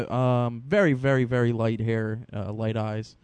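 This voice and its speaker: A man's voice: medium pitch, steady tone, measured pace, darkish tone, smooth, no echo. A man co-hosting a casual podcast chat, cutting in with dry wisecracks. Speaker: podcast co-host.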